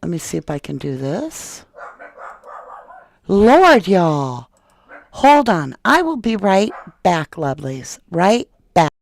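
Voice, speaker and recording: A woman's voice: fairly low pitch, big pitch swings, takes it slowly, gravelly, slight background noise. A woman hosting a true crime podcast in a casual, chatty way, talking straight to her viewers and reading a document aloud.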